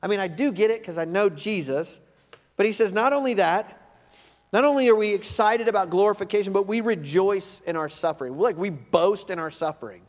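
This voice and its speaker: A man's voice: sits high, brisk. A man preaching a sermon as pastor, emphatic and conversational, often repeating his points. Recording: long reverb of a large hall.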